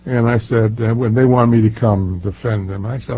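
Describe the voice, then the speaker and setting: A man's voice: medium pitch, fairly even intonation, normal speed, darkish tone. An older man, an author being interviewed, telling stories emphatically with many fillers and restarts. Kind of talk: casual interview talk. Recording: muffled lo-fi recording.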